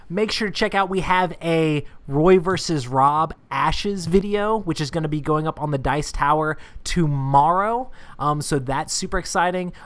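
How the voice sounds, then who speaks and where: Podcast co-host, casual outro, upbeat, loose, lots of ums. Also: mid-range voice. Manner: loose and upbeat, with frequent fillers.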